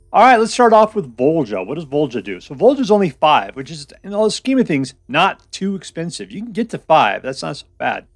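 Goofy, animated male game host. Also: fairly high pitch, no room sound, clean studio sound. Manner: goofy, jokey, hype-y, puts on silly voices. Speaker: host of a card game channel. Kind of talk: playful gameplay commentary.

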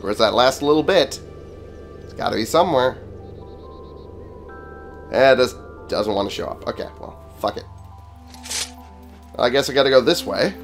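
With game music playing underneath, a gaming channel host in a medium-pitched voice plays a video game at a moderate pace and pauses often. Animated and sarcastic, he swears casually and exclaims at the enemies he battles.

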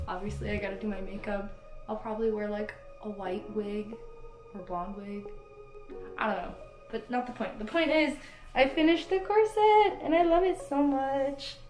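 A woman's voice: a little high, reverberant. A young woman with a congested sick voice, chatting casually and self-deprecatingly about a craft project she made. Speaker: cosplay maker.

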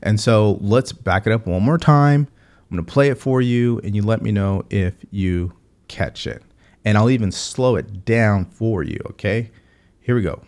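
A man's voice: lowish voice, moderate pace, darkish tone. A man hosting a political commentary channel, speaking emphatically and addressing the viewer directly.

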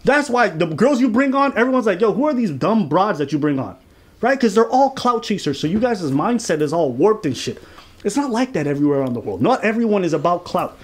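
A man's voice: high voice, big pitch swings, fairly quick. A man hosting a casual reaction commentary, blunt, crude and mocking, laughing often as he talks. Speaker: reaction channel host.

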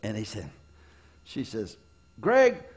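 A middle-aged pastor from preaches with a notably high-pitched man's voice. He tells folksy, funny stories from his own life, rising and dropping for dramatic effect as he draws the lesson. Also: lively intonation, measured pace. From North Carolina, US. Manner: folksy, humorous storyteller with dramatic swings in delivery. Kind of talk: storytelling sermon.

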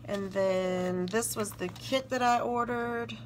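A fairly high-pitched woman with fairly even intonation takes it slowly, her Southern accent marking her as from South Carolina. Gushing, she reads sticker phrases aloud during casual show-and-tell narration about her planner stickers, and a little hiss or hum is audible.

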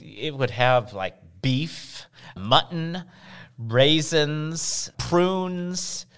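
A man co-hosting a casual chat, explaining food history in a relaxed, wry storytelling manner. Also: on the high side, very slow, smooth. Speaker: podcast co-host.

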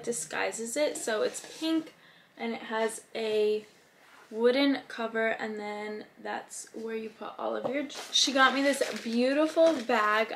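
A woman's voice: on the high side, a little hiss or hum. A woman in her twenties, talking casually and gushing about her birthday gifts, with many "likes" and "ums". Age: 20s. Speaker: vlogger. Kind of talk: casual haul vlog.

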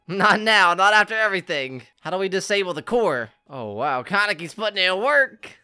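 A man's voice: sits high, lively intonation, normal speed, bright, forceful tone, clear, resonant tone, soft background music. A man reacting to an anime finale in casual, emotional commentary, exclaiming and laughing often. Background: anime soundtrack playing faintly.

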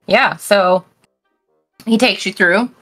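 A woman's voice: mid-range voice, slow pace, a bit bright, faint music behind. A woman narrating as game master of a tabletop game, casual with many fillers.

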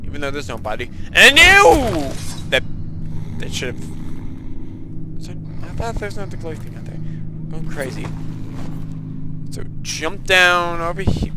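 A man commentating his own gameplay, excitable, swearing and muttering to himself. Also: on the high side, a little slow, pauses often, very noisy. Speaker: let's play host.

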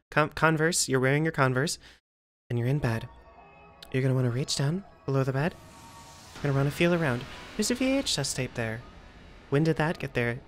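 A young woman giving nervous, joking commentary while playing a horror game, often repeating herself. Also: low-pitched. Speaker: gaming video creator.

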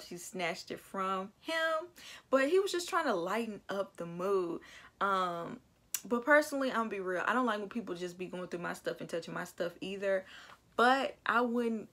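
A woman casually reviewing a reality TV episode, opinionated and animated, acting out quotes in voices. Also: mid-range voice. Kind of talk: casual recap commentary.

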